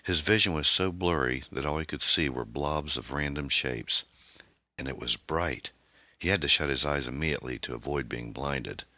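A man reading his own novel aloud as an audiobook, in an unhurried, measured way. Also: extremely low pitch, bright, forceful tone, no echo, clean studio sound. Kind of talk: scripted audiobook narration.

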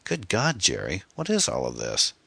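A man's voice: deep voice, wildly swooping pitch, moderate pace, vocal fry, sharp tone, husky, no room sound, full character voice. A man voicing a curious, polite woman who asks eager questions in a storybook reading. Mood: inquisitive. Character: curious polite woman, inquisitive and easily impressed.

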